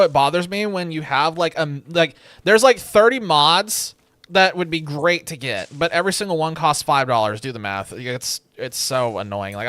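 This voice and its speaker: A man's voice: medium pitch, a bit bright, dry recording. A young man streaming a game from home, rambling in casual commentary with wry, sarcastic asides. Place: home room with a webcam.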